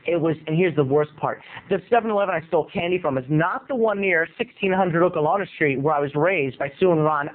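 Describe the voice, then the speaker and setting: A man's voice: on the high side, lively intonation, a little fast. A man video blogger telling a comedic story in a theatrical, campy, mock-solemn way. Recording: tinny lo-fi sound.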